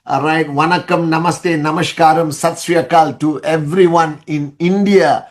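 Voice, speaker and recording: A middle-aged man leading a live online call, speaking softly and greeting viewers one by one by name. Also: a little high, fairly even intonation, normal speed. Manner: softly spoken; greets viewers by name with many shout-outs. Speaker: leader of a network-marketing live call. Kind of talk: live-stream motivational talk.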